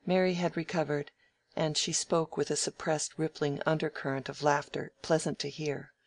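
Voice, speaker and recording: An audiobook reader who narrates a classic novel in measured, quiet tones at a middling pitch. The voice has a gravelly texture. It is recorded close and dry, without any room sound. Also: level tone, no echo.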